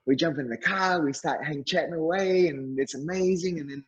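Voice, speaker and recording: A man's voice: fairly high pitch, brisk, hardly any pauses, breathy edge, lo-fi sound. A man with an Australian accent telling a casual anecdote as a podcast guest, acting out what others said. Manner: animated anecdote teller, acts out quotes. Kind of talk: casual storytelling.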